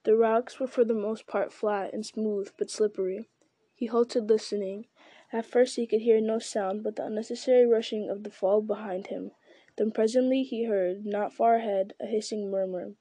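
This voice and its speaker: A woman narrating a story in a steady, measured reading. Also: mid-range voice, slightly rough, dry recording. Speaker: audiobook narrator. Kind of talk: scripted narration.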